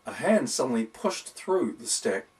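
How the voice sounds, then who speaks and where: A man's voice: medium pitch, big pitch swings, measured pace, darkish tone. A man narrating a whimsical storybook in a wry, playful tone. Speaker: audiobook reader. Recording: voice distant from the mic.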